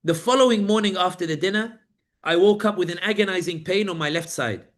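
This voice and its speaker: Male speaker, fairly high voice, lively first-person storyteller who acts out the other people in his story. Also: fairly quick. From Britain. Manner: animated storytelling, acting out guards and inmates. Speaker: speaker recounting detention. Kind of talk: personal account at a press event.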